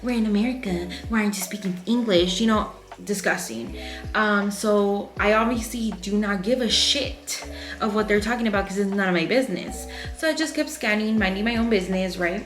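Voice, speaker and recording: Texas girl in her 20s rambling through a storytime, curses a lot, mid-pitched voice, roomy echo. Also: moderate pace, a bit bright. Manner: chatty, frank, swears freely, lots of fillers. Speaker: vlogger. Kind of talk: casual storytime vlog. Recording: echoey room with faint music.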